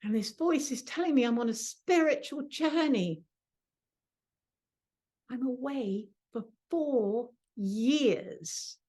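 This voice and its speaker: A middle-aged woman, an astrology teacher, telling a personal story with vivid sensory detail and soft asides. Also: fairly high pitch, lively intonation, takes it slowly.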